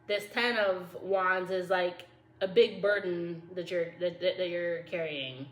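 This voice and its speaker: A woman's voice: mid-range voice, fairly even intonation, a little slow. A woman doing a casual tarot reading, chatty and slangy, talking to her viewers as y'all and laughing easily. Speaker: tarot reader. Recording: echoey room with faint background noise.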